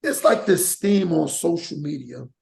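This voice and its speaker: A man with a high, heavily gravelly voice hosts a casual podcast chat. He rants with energy and acts out examples mid-sentence. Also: unhurried. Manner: animated, rants with acted-out examples. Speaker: podcast host.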